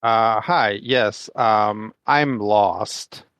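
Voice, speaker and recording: A man taking part in a tabletop game, speaking with a fairly low voice. He talks hesitantly, stopping and restarting often, and his voice comes through dry and close. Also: fairly bright tone, smooth, dry recording, muffled recording. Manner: hesitant, halting, with fillers. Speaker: player.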